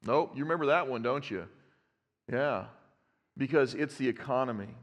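A man's voice: medium pitch, normal speed. A man, preaching a conversational sermon and putting questions to his congregation. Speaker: pastor. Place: church sanctuary. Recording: long reverb of a church hall.

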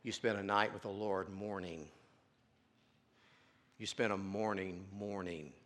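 A man preaching a sermon, dropping to near-whispers and then rising to loud, drawn-out emphasis, with stammered repeats. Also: low voice, fairly even intonation. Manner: swings between soft hushed lines and loud emphatic stresses, stammering repeats. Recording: long hall reverb.

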